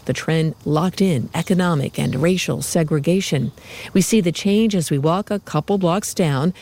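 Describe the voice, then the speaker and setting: A female reporter narrating a news feature with a measured, even delivery. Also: on the low side.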